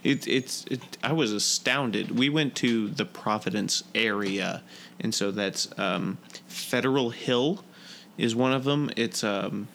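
Creaky-voiced man swearing through casual chat. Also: lowish voice, slow, a bit bright, slight background noise. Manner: rambling, swears often, restarts a lot. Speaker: podcast co-host.

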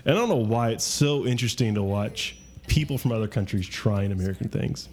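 A man co-hosts a podcast, rambling through casual chat and swearing a lot. His voice is lowish and his pace fairly quick.

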